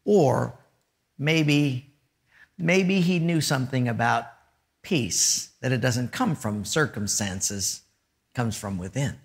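A man preaching a sermon, joking with the congregation and dropping to a hush for emphasis. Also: mid-range voice, takes it slowly, gravelly. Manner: animated, joking, dramatic drops to a hush. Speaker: pastor.

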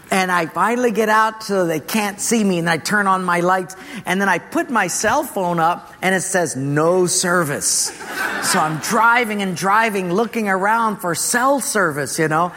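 A man preaching a sermon, telling a funny personal story with lively delivery and laughter, then slowing into a quiet, earnest close and a prayer. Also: sits high, long reverb tail. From Portugal. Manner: humorous, animated storytelling with laughter. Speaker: pastor.

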